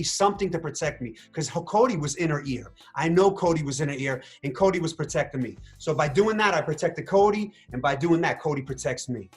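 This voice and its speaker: A man talks through his story in a casual interview, voice a bit higher than most men's. He gets animated, acting out what he said and thought. Faint music plays underneath. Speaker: reality show contestant interviewed.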